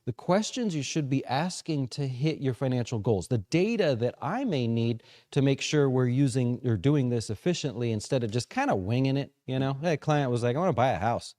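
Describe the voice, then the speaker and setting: A man's voice: moderate pace, few pauses, no echo, clean studio sound. Chatty male financial show host. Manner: jokey, chatty, self-correcting; lively pitch swings. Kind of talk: casual market recap talk.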